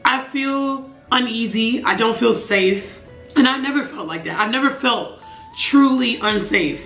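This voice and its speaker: A young woman in her twenties telling a personal story to camera, earnest and emotional, with halting restarts. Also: a little high, a bit bright, echoey room, faint music behind. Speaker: vlogger.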